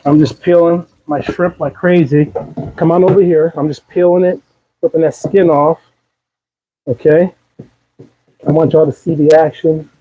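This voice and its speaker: A man's voice: fairly high pitch, steady tone, normal speed, pauses often, narrow, tinny audio, slight background noise. A man with a Maryland accent hosting a live cooking stream from his home kitchen, chatty and upbeat as he coaxes viewers along. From Maryland, USA. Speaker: host cooking on a livestream. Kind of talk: casual cooking demo chat to viewers.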